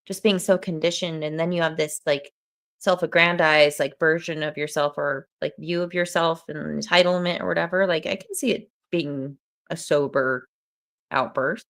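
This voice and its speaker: A woman's voice: low voice, steady tone, moderate pace, fairly bright tone. A woman hosting a podcast in casual chat, thoughtful and wry, often speaking in broken phrases. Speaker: podcast host.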